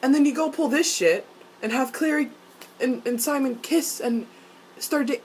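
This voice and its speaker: A woman ranting as a vlogger about a TV episode, swearing a lot and jumping up in pitch and loudness. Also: normal speed, a little hiss or hum, rough recording. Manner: excited, swears often, jumps up in pitch and loudness. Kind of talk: fan reaction rant.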